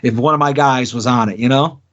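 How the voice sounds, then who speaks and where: A man's voice: mid-range voice, a little fast, fairly bright tone. A man co-hosting a podcast in casual chat, giving wry replies and laughing easily. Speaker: podcast co-host. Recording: dull lo-fi podcast audio.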